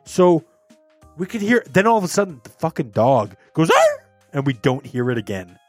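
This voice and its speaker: A man hosting a podcast, telling stories in casual chat with an animated, swearing manner. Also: on the high side, normal speed, no room sound, soft background music. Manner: animated, swearing, laughing, acting out quotes. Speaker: podcast host.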